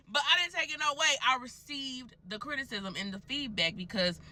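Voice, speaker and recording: A vlogger telling a personal story straight to viewers in an animated, advice-giving way. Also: brisk, few pauses, noisy background. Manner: animated, swings high when excited. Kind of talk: casual storytelling vlog.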